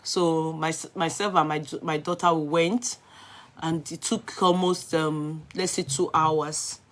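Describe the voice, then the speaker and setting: A woman's voice: low-pitched, flat delivery, slow. A middle-aged woman, chatting casually on a live stream, greeting viewers by name and slipping into Yoruba.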